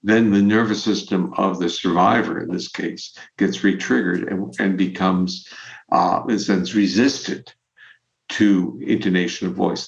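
A man, a guest on a podcast, explaining research in a measured, conversational way and chuckling now and then. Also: deep voice, creaky. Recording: dull lo-fi audio.

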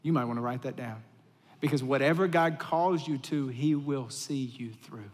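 A male pastor giving a conversational sermon, telling stories, repeating phrases for emphasis, and swinging between hushed and loud delivery. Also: medium pitch, normal speed. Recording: long reverberant hall sound.

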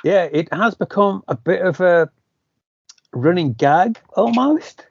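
Co-host: man, husky, wry banter, dry and muffled lo-fi sound. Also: sits high, lively intonation, slow, dry recording. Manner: wry, laughing, film-reference banter. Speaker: podcast co-host. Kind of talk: casual chat.

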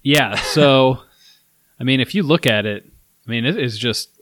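A man's voice: mid-range voice, unhurried, a bit bright, no echo. A man co-hosting a casual podcast chat, rambling and hesitant but candid. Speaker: podcast co-host.

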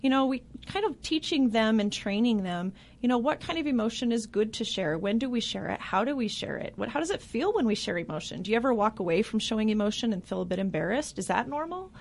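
Earnest woman guest, slightly high voice. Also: expressive, quick pace, creaky, hardly any pauses. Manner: earnest, explanatory, affirming. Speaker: guest, parenting blogger. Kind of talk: talk show interview.

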